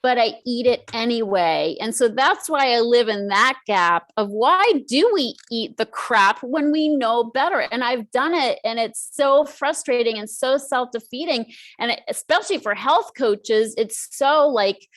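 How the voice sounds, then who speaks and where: A middle-aged woman talking as an expert guest on a podcast, chatty and animated, often acting out her own inner voice. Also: fairly high pitch, unhurried, few pauses. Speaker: guest, emotional eating expert. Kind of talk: podcast interview.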